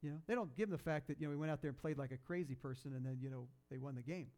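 A man preaching a sermon, telling a story in a conversational way with many fillers and restarts, getting loud when excited and soft and low at sad moments. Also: rapid-fire. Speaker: pastor.

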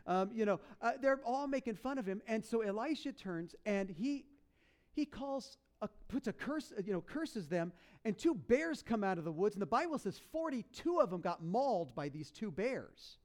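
A man with a high voice preaching a sermon. He tells a story with humor and energy and keeps breaking into playful character voices. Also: fairly quick. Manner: animated, jokey storytelling with put-on voices. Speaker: pastor.

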